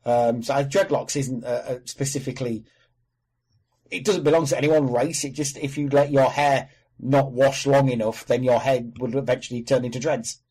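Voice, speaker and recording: A man's voice: mid-range voice, fairly even intonation, moderate pace, warm tone, husky. A man from Wales co-hosting a casual podcast chat, opinionated and chatty, swearing now and then. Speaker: podcast co-host.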